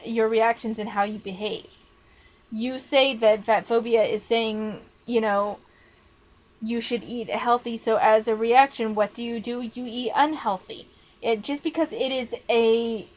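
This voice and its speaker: Blunt, fired-up woman with a high voice. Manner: blunt, argumentative, swears freely. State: voice starting to go hoarse. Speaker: commentator reacting to a podcast. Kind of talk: casual reaction commentary.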